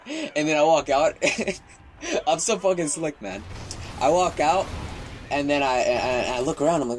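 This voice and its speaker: A man's voice: medium pitch, lively intonation, brisk, slight background noise. A teenage boy vlogging, telling a childhood story in a rambling, profane way with laughs and restarts. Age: teens. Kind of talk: casual storytelling.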